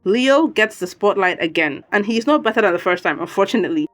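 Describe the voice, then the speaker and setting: A woman recording a casual spoken recap at home, chatty and animated, often breaking off with laughs and asides. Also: mid-range voice, brisk, soft background music. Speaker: video commentator.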